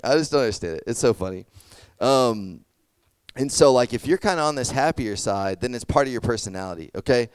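A man's voice: medium pitch, lively intonation, brisk, clear, resonant tone, dry recording. A young man giving a casual sermon, chatty and full of fillers, checking in with "okay?" and "does that make sense?". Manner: conversational, lots of fillers and "okay?" check-ins. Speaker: youth pastor.

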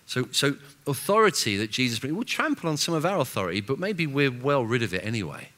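A senior pastor with a male, mid-range voice preaches quickly. His delivery is energetic and self-mocking, marked by many restarts and big jumps between loud and soft passages.

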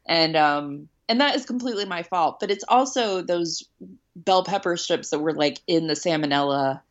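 A woman's voice: fairly low pitch, normal speed, highs cut off. A woman in her late thirties from Houston, chatting casually as a podcast host in a wry, self-mocking way with plenty of ums and likes. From Houston, United States. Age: late 30s. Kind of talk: casual chat.

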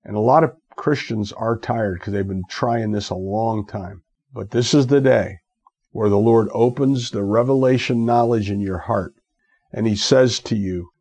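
A man's voice: lowish voice, a little slow, a little mellow, husky, muffled recording. A man preaching a fervent radio sermon, with repeated, emphatic phrases.

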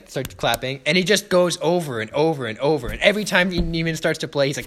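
A man's voice: a little high, fast talker, hardly any pauses. A young man co-hosting a casual podcast, recapping a film scene by scene and acting out the characters' lines. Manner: animated, quoting scenes in acted voices. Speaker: podcast co-host.

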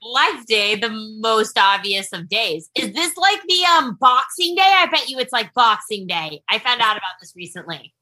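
A young woman co-hosting a casual podcast, telling stories with lively energy. Her voice sits a little high and rings bright and forceful. She talks like she's chatting with close friends. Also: normal speed, hardly any pauses. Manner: chatty, animated storytelling. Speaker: podcast co-host. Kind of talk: casual chat.

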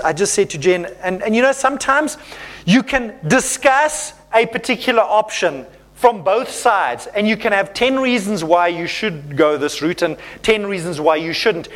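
A man's voice: high voice, fairly bright tone. A man preaching a sermon as pastor, reading scripture and acting out playful little voices.

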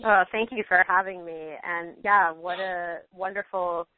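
A woman from New York City joins a talk show as a guest, speaking in a fairly low voice. She talks gently and slowly with some restarts. Her voice comes through a tinny phone line with faint hiss. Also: fairly even intonation. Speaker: guest counselor. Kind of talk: casual interview talk. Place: on vacation in Hawaii.

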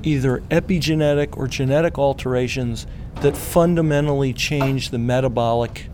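A man, a cancer researcher, explaining his work in an interview, pausing and restarting phrases as he thinks. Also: mid-range voice, a little mellow, a little hiss or hum. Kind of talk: interview answer.

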